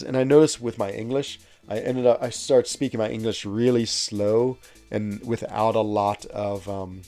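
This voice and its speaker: A man's voice: lowish voice, mellow. A man from West Virginia, hosting a game livestream, telling stories in a rambling, chatty way with many fillers and laughs while reading out chat. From West Virginia, United States. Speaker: game streamer.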